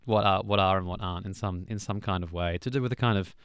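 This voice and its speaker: A man's voice: low-pitched, fast, smooth, no echo, studio quality. A young man, a songwriter, chatting loosely in an interview with restarts and small laughs. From Australia. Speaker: songwriter guest. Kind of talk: relaxed interview chat.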